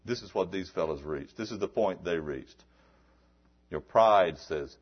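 A man preaching a sermon, dropping to quiet murmurs and then rising to loud, shouted exhortation with repeated rhetorical questions. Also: low voice, measured pace, husky. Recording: dull lo-fi sermon recording.

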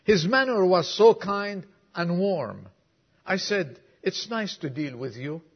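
A man preaching in a slow, unhurried sermon with a gravelly, husky edge to his fairly high voice. He drops to near whispers on quiet lines and climbs to urgent appeals. The recording is dull and lo-fi. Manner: reads poem softly, sinking to a whisper, then preaches with rising fervor.

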